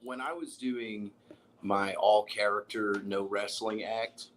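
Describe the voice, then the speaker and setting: A man's voice: lowish voice, steady tone, slow pace, a bit bright, slight background noise. A man co-hosting a casual podcast chat, in loose, jokey banter. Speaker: co-host.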